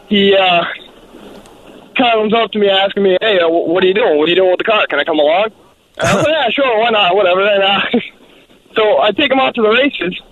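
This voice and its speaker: Animated massachusetts caller guy, high voice, muffled lo-fi call. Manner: animated storyteller. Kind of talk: telling a story on call-in radio. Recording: lo-fi phone line.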